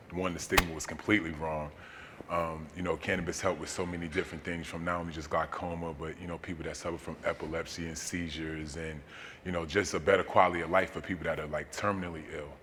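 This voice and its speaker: A man with a very low, bright-edged voice telling a personal story at a seminar in an easy, folksy way, dotted with fillers. The sound carries long reverb from the hall, with faint noise underneath. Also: a little fast. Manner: relaxed, folksy, many fillers. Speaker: interview guest, storyteller. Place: seminar hall in a large venue.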